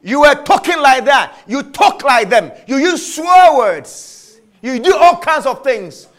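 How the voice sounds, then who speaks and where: A man's voice: very high-pitched, big pitch swings, slow, fairly bright tone. A man preaching a sermon, emphatic and repetitive, drawing out his key phrases.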